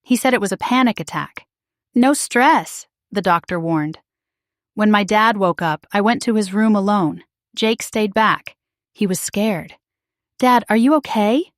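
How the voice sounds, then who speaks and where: A woman's voice: mid-range voice, moderate pace, no room sound, clean studio sound. A woman reading a first-person story in short, simple, carefully spoken sentences for English learners.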